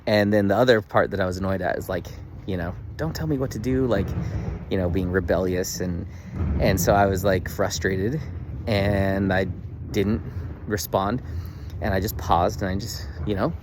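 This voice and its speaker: A man in his thirties talking casually to the camera in a daily video diary, earnest and animated, full of "like" fillers. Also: deep voice, normal speed, noisy background. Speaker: vlogger.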